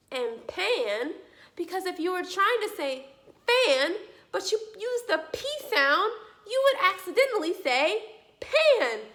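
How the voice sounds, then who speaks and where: A young adult woman giving a children's speech lesson, speaking slowly and clearly with encouraging questions. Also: high voice. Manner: slow, clearly articulated, encouraging teacher talk with lively questions. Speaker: speech therapy teacher.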